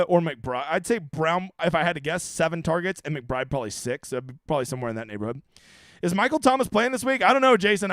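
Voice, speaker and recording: A man's voice: high-pitched, no echo, studio quality. A man hosting a fantasy sports stream, casually answering chat questions in a loose, profane, joking way with frequent stammers.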